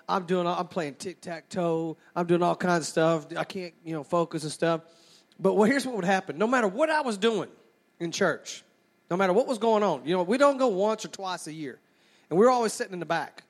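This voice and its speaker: A man with a high voice preaches a sermon, first praying and then telling a lively story from his childhood. He acts out the scenes as he goes.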